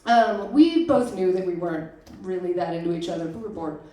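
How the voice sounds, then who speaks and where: A young stand-up comic pokes fun at herself during a set at a small arts venue, chuckling along at her own material. She talks briskly in a lowish, mellow voice; the echoey room, distant mic, audience laughter and slight background noise all come through.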